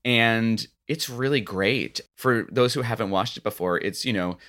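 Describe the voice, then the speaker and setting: A man's voice: lowish voice, moderate pace, fairly bright tone. A man in his thirties co-hosting a podcast in casual chat, rambling with many restarts and "you know"s. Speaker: podcast co-host.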